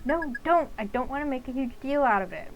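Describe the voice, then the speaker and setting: Brief: woman as a soft-spoken timid teen boy, faint hiss behind. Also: sits high, lively intonation, a little fast, voice pushed up. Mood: meek. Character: quiet meek teenage boy, conflict-avoiding.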